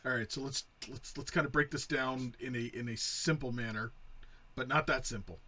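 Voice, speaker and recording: A man's voice: mid-range voice, fairly even intonation, normal speed, a crowd in the background. A man co-hosting a casual movie review podcast, swearing freely and rambling through a plot summary with frequent laughs. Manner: profane, rambling, laughs often. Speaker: podcast co-host.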